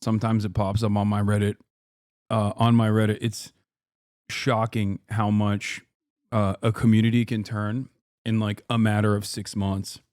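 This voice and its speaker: Streamer guy, smooth clean voice, dry close sound, rambly and blunt, swears a lot. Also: on the low side, level tone, normal speed, a little mellow, no room sound. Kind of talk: casual reaction commentary. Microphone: streaming microphone with noise gate.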